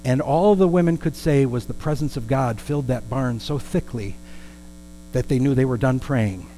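A man's voice: mid-range voice, mellow, slight background noise, poor audio. A man preaching a storytelling sermon in a conversational way, with asides and questions to the congregation.

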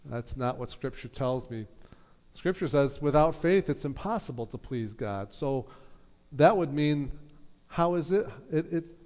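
A man's voice: medium pitch, measured pace. A middle-aged man preaching a sermon to a congregation, telling a story and acting out the people in it. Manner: storytelling with lively quoted voices. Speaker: pastor. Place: church hall. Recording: long hall reverb.

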